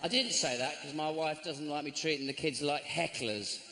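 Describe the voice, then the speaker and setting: A middle-aged man doing stand-up comedy, with a dry, sardonic delivery that jumps into squeaky mock voices. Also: normal speed, very noisy. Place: theatre stage. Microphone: stage microphone. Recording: live show with loud audience ambience.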